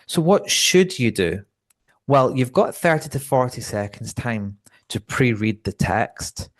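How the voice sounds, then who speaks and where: A man teaching an English exam lesson to online viewers in a clear, deliberate way. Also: mid-range voice, sing-song.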